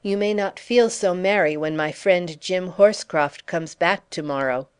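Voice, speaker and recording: A woman's voice: on the low side, measured pace, smooth, natural voice. A woman reading the lines of a blunt, plain-spoken young man in an audiobook.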